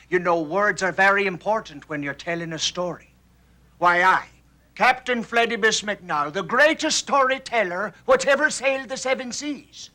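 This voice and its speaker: A man's voice: high-pitched, sharp tone, heavily acted. A man voicing a boisterous old pirate captain who tells sea stories, with a hearty pirate brogue, in an educational cartoon.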